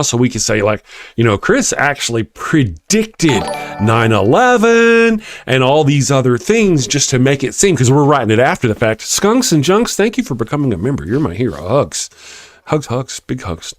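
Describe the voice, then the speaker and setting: Texan male streamer, casual and joking, expressive pitch, dry room. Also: no echo. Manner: chatty, laughs often, joking asides. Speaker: livestream host. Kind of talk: casual livestream chat reading comments.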